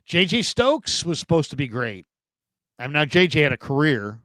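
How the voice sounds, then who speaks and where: A man's voice: sing-song, moderate pace, a bit bright, dry recording, rough recording. A middle-aged man, a sports talk host, telling rambling anecdotes about past players in casual talk. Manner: rambling anecdotes, mimics players in a high goofy voice.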